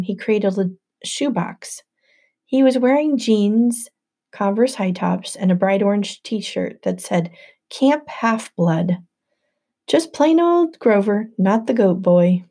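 A woman narrating a novel aloud in the first person with an even storytelling delivery. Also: medium pitch. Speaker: audiobook narrator.

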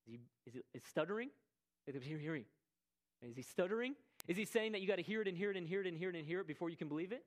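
A man's voice: sits high, expressive, rapid-fire, rough recording. A man preaching a sermon, emphatic, repeating key words and checking in with "right?". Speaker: pastor. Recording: loud music behind voice.

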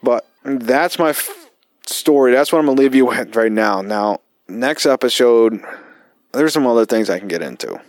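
A man's voice: mid-range voice, lively intonation, moderate pace, dry recording, studio quality. A man who hosts a podcast as a military veteran. He tells stories casually, swearing often and rambling with lots of fillers. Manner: profane, rambling, with frequent fillers. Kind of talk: casual storytelling.

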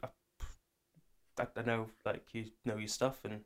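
A man's voice: lowish voice, flat delivery, measured pace. A man co-hosting a casual chat, rambling and laughing often. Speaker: podcast co-host.

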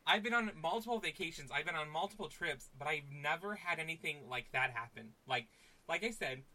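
A man's voice: on the high side, lively intonation, fairly quick, sharp tone, poor audio. A man chatting casually on a podcast, dry and laid-back, swearing now and then. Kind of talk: casual chat.

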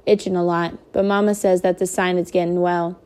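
A woman's voice: lowish voice, level tone, fairly quick, darkish tone, close to an everyday voice. Woman reading as a terse, cautious boy. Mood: guarded. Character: serious older brother, cautious boy.

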